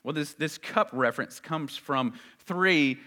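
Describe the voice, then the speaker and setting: A man preaching a sermon in an earnest voice that swells loud and high at emphatic moments. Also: a little slow.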